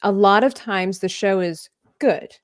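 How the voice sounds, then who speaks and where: A woman's voice: mid-range voice, measured pace, no room sound, clean studio sound. A woman hosting a casual livestream chat, talking while she draws and laughing often. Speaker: livestream host.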